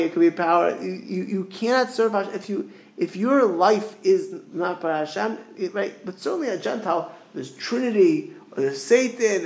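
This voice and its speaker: A man with a high, creaky voice teaches as a rabbi in a Torah lecture, blending Hebrew phrases into his English. He often repeats words while hunting for the next one. The low-quality recording was made in an echoey room.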